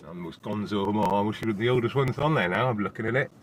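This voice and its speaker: A man's voice: lowish voice, rapid-fire, slight background noise. A Welsh man on a casual live stream from his phone, rambling about the news and breaking off to talk to his dog. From Wales. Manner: rambling, talks to his dog between points.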